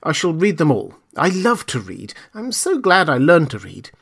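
An eager young boy king from a storybook, put on by a man reading aloud. His voice climbs high and bright with excitement. The delivery is quick and cheerful, full of childlike wonder. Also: gravelly, husky, full character voice. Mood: excited.

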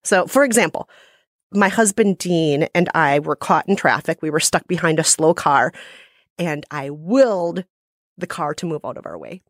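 A woman's voice: low voice, normal speed, dry recording, clean studio sound. A woman co-hosting a chat show, telling stories in a playful, self-mocking way. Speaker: podcast co-host. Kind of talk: casual chat.

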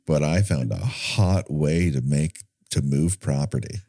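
This extremely low-voiced man from California co-hosts a casual movie commentary podcast, joking around with animated, sarcastic asides. He takes his time, and the recording is clean studio quality with no echo.

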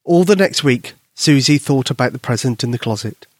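A man gently and expressively narrating a children's story. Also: mid-range voice, lively intonation, brisk, dry recording, studio quality.

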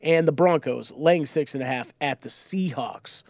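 A man's voice: on the high side, moderate pace, dry recording, studio quality. A man co-hosting a sports betting podcast in an easygoing, casual way. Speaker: podcast co-host.

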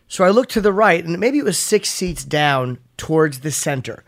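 A man with a gravelly, slightly high voice hosts a podcast and chats casually. He jokes, swears freely and tells stories in a loose, rambling way. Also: lively intonation, normal speed. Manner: joking, profane, rambling storytelling. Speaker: podcast host. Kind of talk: casual chat.

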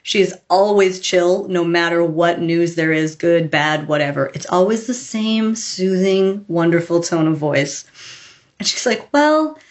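Woman, author guest, casual interview, animated storytelling, fairly low pitch. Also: measured pace, few pauses. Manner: chatty, animated storytelling with laughs and acted quotes.

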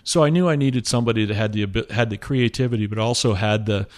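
A man who runs a company, talking casually in an interview, relaxed and rambling with lots of fillers. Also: fairly low pitch, quick pace. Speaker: company CEO.

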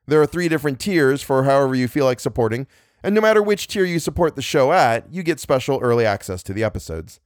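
A man's voice: medium pitch, lively intonation, fast, dry recording, clean studio sound. A man hosting a story podcast, chatting casually and joking at his own expense. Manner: playful, self-mocking, exaggerated groaning. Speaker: podcast host and reader. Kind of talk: casual podcast outro and outtakes.

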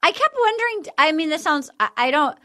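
A woman hosting a casual podcast chat, recapping a show and acting out quotes with animated voices. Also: high-pitched, a little fast. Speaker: podcast host.

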